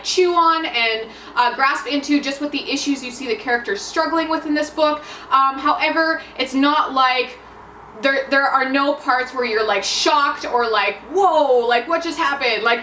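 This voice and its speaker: Young woman, high and bright, chatty book vlogger, echoey room mic at a distance. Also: slight background noise. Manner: chatty, lots of filler "like". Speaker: book reviewer. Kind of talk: casual book review vlog.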